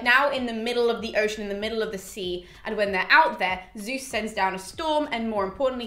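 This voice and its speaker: A woman recaps a classic epic in chatty, casual talk, often sounding exasperated with its characters. Her voice sits a little high. The recording has a roomy echo. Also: sharp tone. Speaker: classics educator, host. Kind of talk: casual retelling of a myth.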